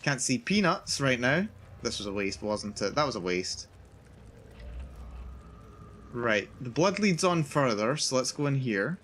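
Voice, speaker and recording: A man's voice: mid-range voice, animated, unhurried, fairly bright tone. Jittery man narrating a horror game. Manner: jittery, repeats himself, narrates his own nerves. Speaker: VTuber streamer. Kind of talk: live horror gameplay commentary.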